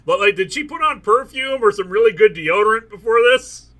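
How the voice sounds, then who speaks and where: Brisk and expressive, a man with a high-sitting, pushed, bright voice hosts a comedic novel reading. He delivers passages with mock drama, interrupting himself for playful asides.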